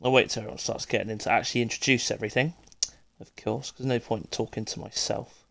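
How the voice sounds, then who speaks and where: A man's voice: mid-range voice, fairly even intonation, fast talker, gravelly, a bit bright. A British man hosting a live racing stream, chatting casually and bantering with his viewers before the show starts. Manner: chatty, banters with viewers, greets people constantly. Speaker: stream host and commentator.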